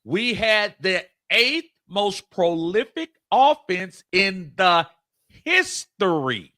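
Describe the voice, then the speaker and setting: A man co-hosting a casual sports talk show, halting and repeating his words as he argues a point. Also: sits high, very animated, pushed and bright. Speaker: co-host.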